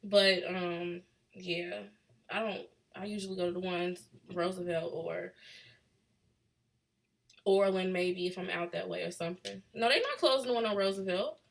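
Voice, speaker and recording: A woman's voice: lowish voice, moderate pace, vocal fry. A young woman from Chicago with a Chicago accent, chatting casually with a live chat, reading out questions and laughing. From Chicago, USA. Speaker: vlogger answering live chat.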